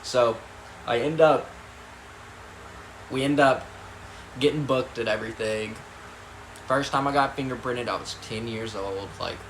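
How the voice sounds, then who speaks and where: Rambling through an old story about himself, this man fills his talk with fillers, curses and laughter. His voice is mid-range and a touch bright, and the room around him echoes, with faint background noise.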